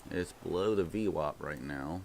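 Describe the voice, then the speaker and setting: A man with a very low voice hosts a casual livestream. He chats loosely over market charts and thinks aloud. His speech is rambling and full of restarts. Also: moderate pace, darkish tone, a little hiss or hum. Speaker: livestream host. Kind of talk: casual live-stream chat over stock charts.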